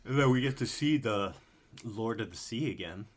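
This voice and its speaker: A man co-hosting a podcast in casual chat, relaxed and loose, swearing now and then. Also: on the low side, normal speed. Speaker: podcast co-host.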